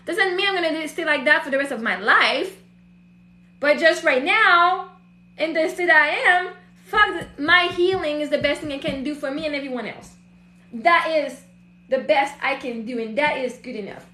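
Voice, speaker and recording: Middle-aged woman coach, high and bright voice, blunt and animated, recorded in an echoey room. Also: moderate pace. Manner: blunt, swears freely, animated storytelling. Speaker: host, emotional healing coach. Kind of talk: casual motivational talk.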